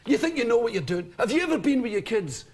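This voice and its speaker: A middle-aged Scottish man, a guest, telling funny stories in a lively chat and acting out voices and sounds. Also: very high-pitched, fast talker, a little hiss or hum. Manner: animated, comic, acts out voices and sounds. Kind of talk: storytelling chat. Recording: studio audience laughter. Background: audience laughter.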